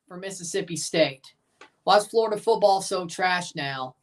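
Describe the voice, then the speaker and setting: A woman's voice: mid-range voice, a little fast. Give me a blunt, chatty woman doing live game reaction commentary, a little far from the mic. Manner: chatty, blunt, bursts into excited cheering. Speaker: livestream watchalong host.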